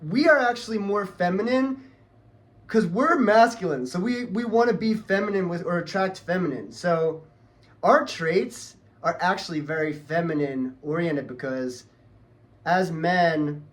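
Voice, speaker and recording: Man ranting angrily, swearing. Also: on the high side. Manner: profane, heated, ranting. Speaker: vlogger. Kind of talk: angry casual rant.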